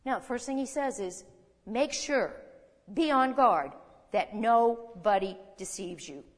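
Brief: older female Bible teacher, folksy and chuckling, fairly high voice, long reverb of a hall. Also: animated, measured pace. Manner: folksy, chuckling asides and rhetorical questions.

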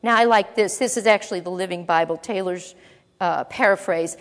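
A woman's voice: mid-range voice, brisk, a bit bright. A woman teaching a sermon, reading Bible verses aloud and explaining them in a conversational way with asides to her listeners. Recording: long echo of a large hall.

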